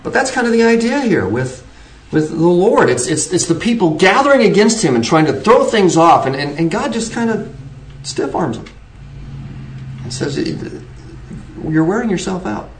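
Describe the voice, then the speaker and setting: A man's voice: high voice, very animated, normal speed, a little hiss or hum. A man preaching an earnest sermon, pressing his points with shifting emphasis and frequent restarts. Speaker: pastor. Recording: roomy, distant from the mic.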